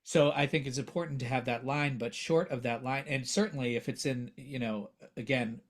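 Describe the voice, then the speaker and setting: Brief: male voice actor, mid-pitched, earnest and animated in conversation. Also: moderate pace. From United States. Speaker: voiceover actor and dialect coach. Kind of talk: casual interview talk.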